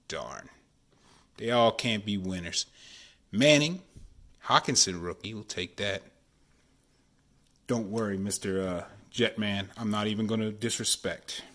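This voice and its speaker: A man, chatting excitedly while opening sports card packs at home and keeping his voice down. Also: on the low side. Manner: excited, chatty, says y'all often; keeping voice down while kid sleeps. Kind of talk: casual card-opening vlog. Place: home, at night.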